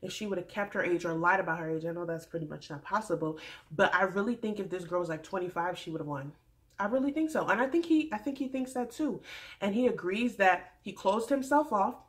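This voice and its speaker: A woman hosting a casual recap vlog, chatty and opinionated, speaking straight to her viewers and swinging from loud emphasis to quiet asides. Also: mid-range voice, a little fast. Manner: chatty, addresses viewers as y'all. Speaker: reality TV recap vlogger.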